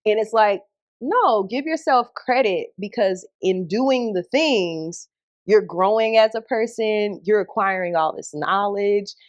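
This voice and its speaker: Animated Atlanta radio host telling stories. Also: female voice, medium pitch, a little slow, lo-fi sound. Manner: animated storyteller, acts out quotes. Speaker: radio host, podcast guest. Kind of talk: casual interview chat.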